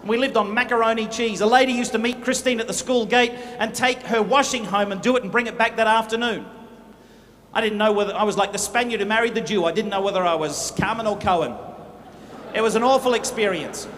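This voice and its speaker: Animated man speaking in a big hall. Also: high voice, a little fast. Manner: animated, humorous, dramatic. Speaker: motivational speaker at business event. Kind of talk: motivational speech with storytelling. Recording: echoey hall with faint noise.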